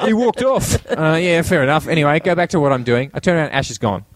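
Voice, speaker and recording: Aussie guy yarning on a podcast, bit high voice, dry close sound, laughs a lot. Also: moderate pace, no room sound. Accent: Australian. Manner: animated storyteller, laughs often, acts out friends' lines. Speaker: podcast co-host. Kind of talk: casual chat, anecdote telling.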